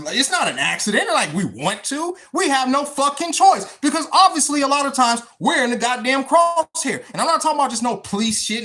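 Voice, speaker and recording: A man from the United States speaks straight to his livestream audience with no script. His pitch swings widely as he talks. He swears in nearly every sentence and often circles back over the same words. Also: bright, forceful tone. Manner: emphatic, swears constantly, repeats words. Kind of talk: unscripted livestream monologue.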